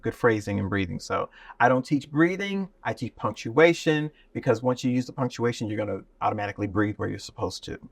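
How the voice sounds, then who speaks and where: A man's voice: mid-range voice, expressive, a little fast, vocal fry, hardly any pauses, dry recording, distant mic. A man teaching speaking and singing in a guest conversation, illustrating points with sung and spoken examples. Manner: demonstrative, shifts into singing to illustrate.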